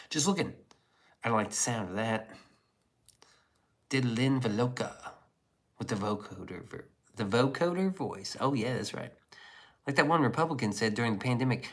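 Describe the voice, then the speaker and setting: A man's voice: on the low side, expressive, fairly quick, fairly bright tone. A man hosting a livestream, chatting casually, reading viewer comments and joking crudely. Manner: crude, joking, rambling banter. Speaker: livestream host.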